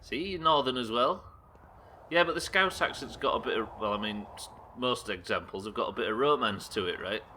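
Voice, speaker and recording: A man's voice: medium pitch, moderate pace, pushed and bright, a little hiss or hum. A young man from the UK streaming a game live, rambling, self-deprecating and swearing casually as he reads his viewers' messages aloud. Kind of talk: live gameplay commentary chatting with viewers.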